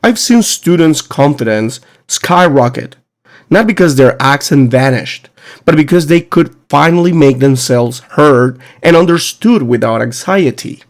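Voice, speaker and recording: A man's voice: a little high, unhurried. Emphatic man hosting a teaching podcast. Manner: emphatic, lively teacherly delivery with rhetorical questions. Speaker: podcast host. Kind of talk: solo educational podcast monologue.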